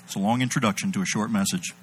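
A man preaching a sermon, animated, swinging between loud emphatic bursts and low intimate delivery. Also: rapid-fire, a little hiss or hum, low-quality recording.

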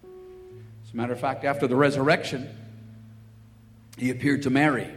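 Soft background music accompanies a medium-pitched man who speaks at normal speed with fairly even intonation. In his sermon he tells Bible stories, giving voice to each character he quotes. The sound carries a long hall reverb with faint ambient noise.

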